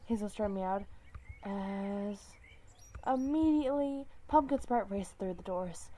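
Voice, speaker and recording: A woman's voice: medium pitch, unhurried, warm tone. A woman narrating a fan-made animal story in a hesitant way, correcting herself as she goes.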